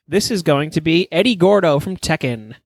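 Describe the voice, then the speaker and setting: A man in casual podcast chat, enthusiastic and rambling, peppering his talk with swears. His voice sits slightly high for a man. The recording is dry and close, with no room sound. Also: lively intonation, moderate pace, vocal fry, no room sound. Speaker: podcast co-host.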